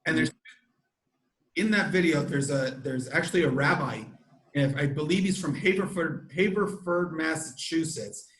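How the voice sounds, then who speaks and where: A man hosting a podcast who tells stories in an animated way, with frequent restarts. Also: a little high, moderate pace. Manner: animated storytelling, many restarts. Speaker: podcast host. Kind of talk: casual chat. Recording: echoey room.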